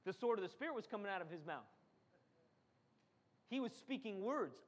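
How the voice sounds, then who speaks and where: A man with a very high voice preaches a sermon with fervor. He acts out the figures he quotes and calls on the congregation to answer back with amens. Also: animated, normal speed, pauses often. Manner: preaching with dramatic acted quotes and call-and-response. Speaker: pastor.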